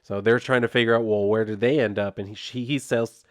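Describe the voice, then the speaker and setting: A man's voice: lowish voice, steady tone, brisk, few pauses, no echo, clean studio sound. A man casually reviewing a comic book, retelling it in a loose, chatty way with lots of "like". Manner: chatty, laid-back, heavy use of "like", loose retelling.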